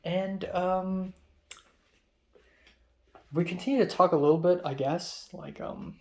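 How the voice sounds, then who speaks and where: Higher-voiced young man telling a rambling story. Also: fairly even intonation, slow pace. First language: Cantonese. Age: young adult. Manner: rambling, frequent ums and restarts, laughs mid-sentence. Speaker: vlogger. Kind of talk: casual storytelling.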